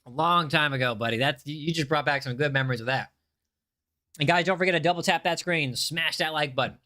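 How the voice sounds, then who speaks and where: Male game streamer, casual, talks to chat, bright forward tone, on a desk mic. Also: fairly high pitch, fast talker. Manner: chatty, reads chat aloud, repeats himself. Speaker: game livestreamer.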